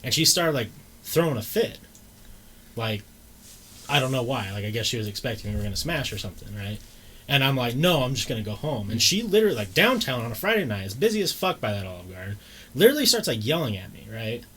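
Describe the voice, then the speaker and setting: A man's voice: medium pitch, very animated, quick pace, pushed and bright, a little hiss or hum, poor audio. A man co-hosting a podcast, telling a rambling story in casual chat, full of fillers and laughs. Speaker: podcast co-host.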